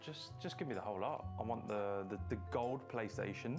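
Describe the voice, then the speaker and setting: A man's voice: lowish voice, a little fast. A man presenting a gaming setup video, joking and running through gear in a casual way. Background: music.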